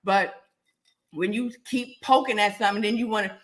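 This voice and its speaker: A raspy-voiced woman hosts a live podcast while getting over a cold. She talks bluntly and confrontationally, calling out commenters by name. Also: medium pitch, lively intonation, moderate pace, a bit bright. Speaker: podcast host. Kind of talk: live-stream talk to commenters.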